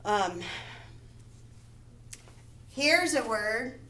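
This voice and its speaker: A woman teaching young children to read, speaking at a slow, deliberate pace. Her voice sits fairly high, and she repeats each word and sounds out its syllables with care. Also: animated, bright, forceful tone, rough recording. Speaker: first grade teacher. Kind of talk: phonics lesson for young children.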